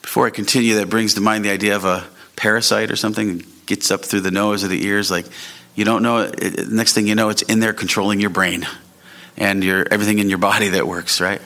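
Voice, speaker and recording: A man preaching a sermon as a pastor, earnest and rising sharply in pitch when he presses a point. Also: flat delivery, brisk, bright, forceful tone.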